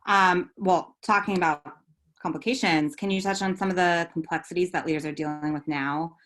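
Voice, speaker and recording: A woman hosting a video interview and asking measured questions. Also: lowish voice, steady tone, a bit bright. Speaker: host.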